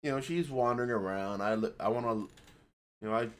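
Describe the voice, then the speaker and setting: A man's voice: mid-range voice, fairly quick, smooth. A young man giving casual, profane, rambling reaction commentary on a video as a gaming YouTuber.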